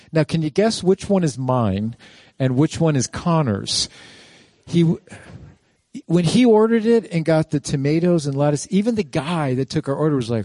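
A man's voice: on the high side, lively intonation, moderate pace, mellow, dry recording. Dry-sounding jovial male pastor. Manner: jovial, storytelling. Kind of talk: church announcement.

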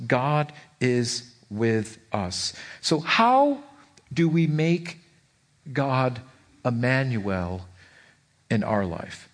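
A man's voice: mid-range voice, slightly rough. A middle-aged man, a pastor, preaching a conversational sermon full of personal stories and rhetorical questions, often repeating words as he goes.

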